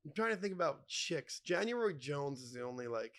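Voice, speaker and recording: Gravelly middle-aged man rambling in a bar. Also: on the high side, big pitch swings, fairly quick, a bit bright. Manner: rambling, profane, jokey name-dropping. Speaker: podcast host. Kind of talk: casual storytelling chat.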